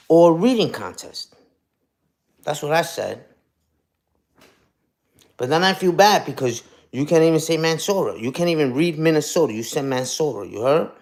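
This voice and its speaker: A young man ranting on a casual livestream, profane and combative, ending lines with "you heard?". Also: fairly high pitch. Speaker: streamer.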